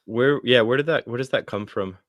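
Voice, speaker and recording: A man's voice: medium pitch, fairly quick, dry recording. A man joining a casual group chat, playful and teasing.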